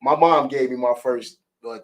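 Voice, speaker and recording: A man's voice: medium pitch, moderate pace. Chatty man hosting a church talk show. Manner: chatty, frequent affirmations and laughter.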